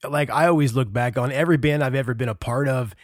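A man in his forties hosts a podcast in a relaxed, friendly chatting manner. His voice is recorded dry and close, with no room sound. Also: medium pitch, fast, no echo. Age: 40s. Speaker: podcast host. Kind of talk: casual interview chat.

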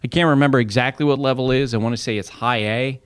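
A man with a smooth, clear voice chatting casually about baseball as an analyst. He tells stories in an easy conversational way, and the sound is dry and close with no room echo. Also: mid-range voice, steady tone, fast talker. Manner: conversational, storytelling with restarts and laughs. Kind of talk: casual podcast chat.

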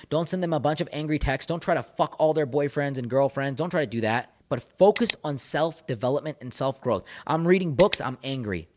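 A man talking as a breakup coach into a microphone, intense and emphatic, repeating phrases for punch. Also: medium pitch. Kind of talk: motivational monologue. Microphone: studio microphone.

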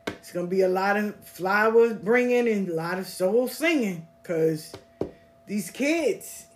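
A woman hosting a podcast, telling personal stories in a casual, blunt, animated way and swearing freely. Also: medium pitch, slight background noise. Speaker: podcast host. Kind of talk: casual storytelling monologue.

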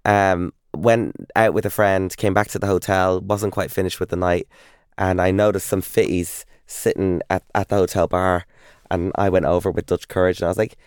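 A man's voice: deep voice, level tone, moderate pace, a little mellow, smooth, dry recording, studio quality. A man with an Irish accent in his thirties, chatting enthusiastically as an interview guest, telling stories with many fillers and restarts. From Ireland. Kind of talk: casual interview chat.

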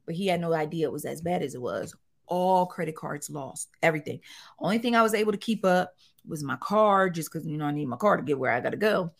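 Expressive woman telling her story candidly. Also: sits low, fast, creaky. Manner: expressive, animated, with colloquial phrasing. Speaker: guest.

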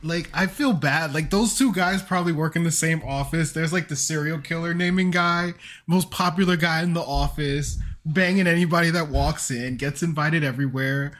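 A man's voice: on the high side, moderate pace, fairly bright tone. A man co-hosting a casual podcast, riffing loosely, swearing and laughing often. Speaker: podcast co-host.

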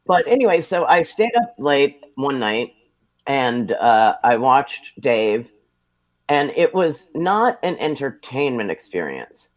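An American man, a television producer, sits for a relaxed interview and talks at an ordinary mid-range pitch. He tells his career stories with lively, self-deprecating humor, building each anecdote with an easy conversational flow. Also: takes it slowly. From United States. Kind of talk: casual storytelling interview.

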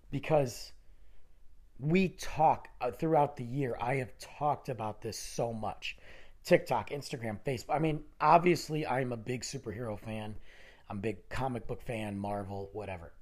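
A man hosting a solo podcast, talking in a rambling, animated way while losing his voice, which sounds nasal. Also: medium pitch, unhurried. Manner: rambling, animated, restarting sentences. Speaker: podcast host. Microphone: close studio microphone.

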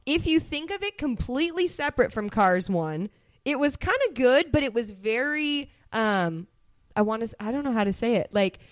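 A woman with a fairly high voice co-hosts a casual movie podcast, laughing a lot and ribbing her co-hosts. She often trails off halfway through a thought. Her voice is close and dry, with no room sound. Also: expressive, normal speed, no echo. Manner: laughing, teasing, trails off mid-sentence. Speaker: podcast co-host.

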